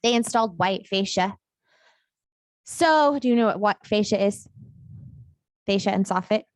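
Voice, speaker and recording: A woman's voice: mid-range voice, measured pace, dry recording. A woman teaching a real estate class in a casual, chatty way, telling stories and laughing often.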